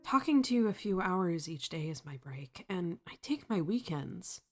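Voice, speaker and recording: A woman voicing a quiet, dutiful young housekeeper who speaks softly and low. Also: big pitch swings, normal speed, faint music behind. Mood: subdued. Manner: soft, low and subdued.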